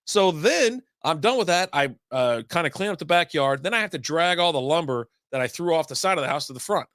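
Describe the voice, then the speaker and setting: A man's voice: fairly high pitch, expressive, brisk, a bit bright, no room sound, clean studio sound. A man hosting a casual podcast, rambling through long stories with lots of asides and fillers. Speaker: podcast host. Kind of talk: casual beer podcast monologue.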